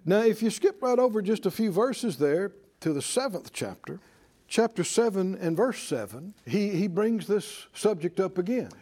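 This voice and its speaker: A man preaching a sermon in an animated way, asking the congregation to answer back and mimicking worried voices. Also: sits high, moderate pace.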